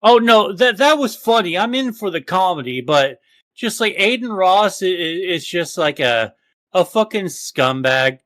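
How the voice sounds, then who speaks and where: High-voiced man ranting profanely. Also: lively intonation, unhurried, a bit bright, dry recording. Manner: profane, ranting, mocks others in exaggerated voices. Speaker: podcast co-host. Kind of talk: casual podcast chat.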